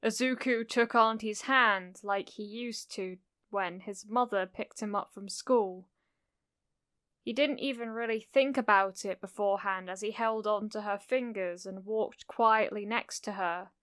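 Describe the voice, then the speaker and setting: Slow, bright-voiced woman reading a story. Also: mid-range voice, clear, resonant tone, no echo, clean studio sound. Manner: gentle, unhurried storytelling. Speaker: narrator. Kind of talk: cozy fan fiction audiobook reading.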